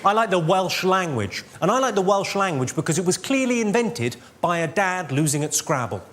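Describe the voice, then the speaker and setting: A man doing stand-up comedy on stage before a live audience, delivering one-liners in a dry, deadpan way. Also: high voice, normal speed. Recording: loud noisy live audience recording.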